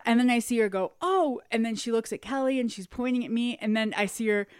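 A woman co-hosting a podcast in casual chat, telling a story with lively energy and acting out quotes in high squeals. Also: fast talker, clear, resonant tone, dry recording, clean studio sound. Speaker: podcast co-host.

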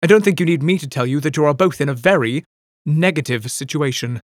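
A man's voice: a little high, a little fast, no echo, clean studio sound, lightly acted. A man voicing a stern, formal middle-aged woman official in an audiobook, speaking in a clipped, formal way.

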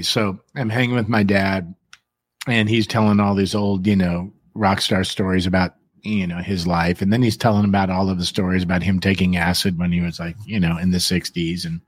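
A man's voice: sits low, steady tone, brisk, no room sound. A man hosting a casual live show, teasing his guests and laughing often. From San Diego. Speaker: show host.

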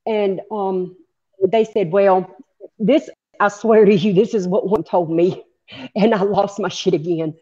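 A woman's voice: mid-range voice, measured pace, pauses often, dark tone. A woman's blunt, angry voice comes through dull, lo-fi audio. She is being interviewed as a grieving mother and recounts events with raw, profane frankness. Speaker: guest, mother of a victim.

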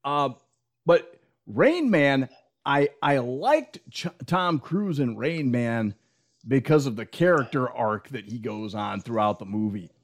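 Lively-pitched man telling movie stories. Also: slow pace. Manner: animated storyteller, quotes movie lines with a laugh. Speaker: podcast co-host. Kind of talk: casual chat.

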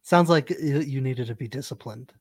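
A man's voice: mid-range voice, fairly quick, breathy edge. A young man co-hosting a casual podcast, dropping teasing jokes at his friend. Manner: teasing, wisecracking. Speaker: podcast co-host. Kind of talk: casual chat.

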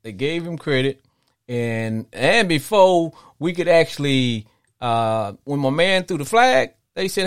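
A middle-aged man from Arkansas hosting a call-in sports podcast, talking in an animated, rambling way with frequent restarts. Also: fairly high pitch, a little slow, clean tone, no room sound, clean studio sound.

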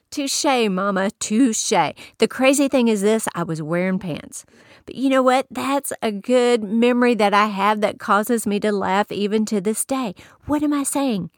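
A woman's voice: mid-range voice, no echo, studio quality. Folksy woman preaching. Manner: folksy, storytelling, laughs often. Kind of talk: inspirational sermon.

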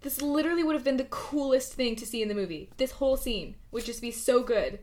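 A woman co-hosting a casual book-club podcast, animated and laughing often, full of "like" fillers. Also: high-pitched, fast. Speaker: podcast co-host.

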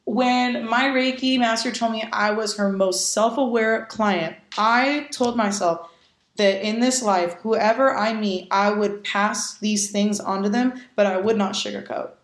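A woman's voice: mid-range voice, measured pace. Candid, emphatic woman in an echoey room. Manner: candid and emphatic, with blunt swearing. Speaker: podcast guest. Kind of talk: casual podcast conversation.

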